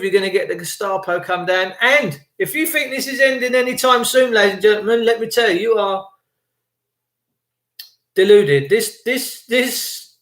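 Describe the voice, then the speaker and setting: A man's voice: sits high, a bit bright, reverberant. A man delivering an indignant, sarcastic ranting monologue. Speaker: vlogger.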